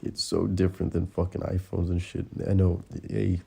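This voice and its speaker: A livestream host rambles casually, swears freely and often drops to a whisper, recorded on a tablet or phone mic. His low, gravelly voice is mellow with a breathy edge, delivered flatly at normal speed.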